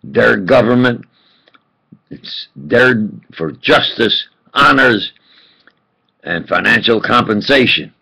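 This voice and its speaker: Gravelly man ranting with wild swings. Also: medium pitch, expressive, slow, long pauses, rough recording. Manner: ranting, swings from muttering to shouted outbursts; repetitive, emphatic. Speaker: self-styled preacher giving a political rant. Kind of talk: impassioned video rant.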